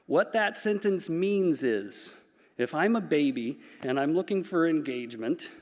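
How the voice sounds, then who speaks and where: Brief: male psychologist speaker, somewhat high voice, animated and playful, mic'd in a reverberant conference hall. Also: measured pace. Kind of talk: conference talk.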